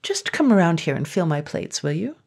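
A woman's voice: lowish voice, very animated, fairly quick, breathy edge, full character voice. A woman voicing a huge male dragon in iron armor, spluttering and polite but menacing, in a storybook reading. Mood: wheedling. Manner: spluttering, bossy.

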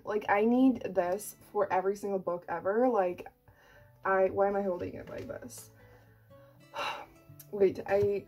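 A young woman in her twenties vlogging an unboxing, gushing and excitable, full of "like" and casual swearing. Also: medium pitch. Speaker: book vlogger and author.

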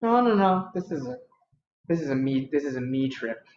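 A man's voice: mid-range voice, expressive, normal speed, a little mellow, slight background noise, close to an everyday voice. A man voicing a proud king who talks in a casual, dismissive way. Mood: breezy. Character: proud king, offhand and breezy. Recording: roomy, dull lo-fi recording.

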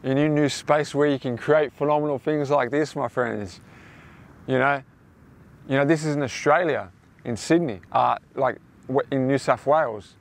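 Young guy rambling thru a self-help pep talk, mid pitch, keeps saying my friends. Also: normal speed, vocal fry. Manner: rambling, repeats himself, addresses listeners as friends. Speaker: host.

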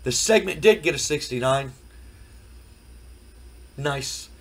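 A hoarse man casually commenting on a wrestling management game, rambling with many fillers. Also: on the high side, expressive, slow pace, poor audio. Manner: rambling, frequent fillers, recapping results. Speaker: game streamer. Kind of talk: casual let's play commentary.

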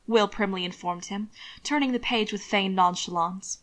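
A woman reading a fan fiction story aloud as narrator, in a calm, measured way. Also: medium pitch. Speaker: audiobook reader.

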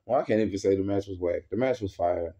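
A man's voice: low-pitched, fast talker, dark tone. A man angrily ranting as a wrestling fan, heavy with profanity and worked up. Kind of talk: casual rant. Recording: dull lo-fi recording.

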